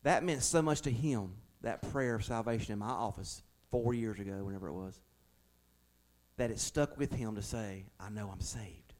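A man's voice: fairly low pitch, normal speed, darkish tone. A man, a pastor preaching a conversational sermon that builds to emphatic, raised passages.

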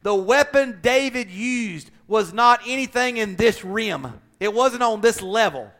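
A man preaching a sermon, swinging between loud, driving declarations and quiet conversational asides. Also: high voice, animated, a little slow.

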